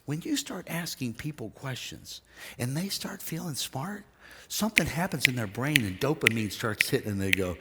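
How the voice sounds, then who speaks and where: Chatty pastor in a reverberant hall. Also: male voice, medium pitch, normal speed, heavy background noise. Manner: storytelling, animated quoting of others. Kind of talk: conversational sermon.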